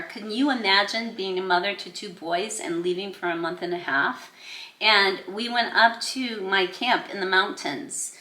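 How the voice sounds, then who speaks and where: An American woman hosts a podcast conversation, chatty and quick to affirm her guest. Her tone is bright and clear, bouncing around a roomy, echoing space. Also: medium pitch. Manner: conversational, affirming with frequent mm-hmms. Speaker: podcast host. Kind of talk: casual interview chat. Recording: echoey room.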